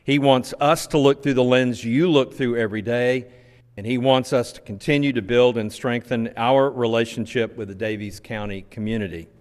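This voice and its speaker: A man's voice: mid-range voice, moderate pace, a little mellow. A man with a West Kentucky accent, a state transportation representative reading a letter aloud at a county meeting in a courthouse, formal with "uh" fillers. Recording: long reverb of a courtroom.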